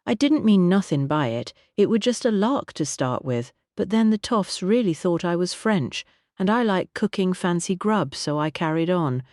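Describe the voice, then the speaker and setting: A woman's voice: on the low side, expressive, moderate pace, a little mellow, no echo, studio quality, voice pushed up, natural voice. A woman voicing a short, rotund working-class army cook who drops his aitches and talks in slang. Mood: sheepish. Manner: dropped aitches, slangy, sheepish.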